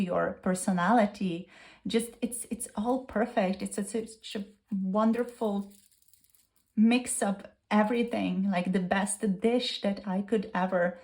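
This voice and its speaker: Woman tarot reader at a medium pitch, voicing a gushing, repetitive channeled love message. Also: darkish tone.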